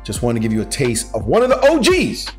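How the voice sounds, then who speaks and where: A chess grandmaster giving an animated chess lesson, excitable and slangy, with frequent exclamations. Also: male voice, mid-range voice, fast talker, soft background music.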